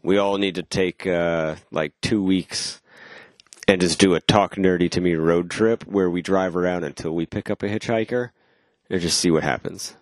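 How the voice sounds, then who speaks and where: A man co-hosting a podcast, tossing in quick joking reactions during casual chat. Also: deep voice, steady tone, no room sound. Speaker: podcast co-host.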